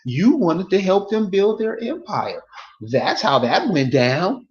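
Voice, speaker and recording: A man's voice: high voice, sing-song, slow pace, reverberant, dull audio. A man delivering a casual, emphatic monologue to his viewers, repeating rhetorical questions over and over. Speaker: online commentator.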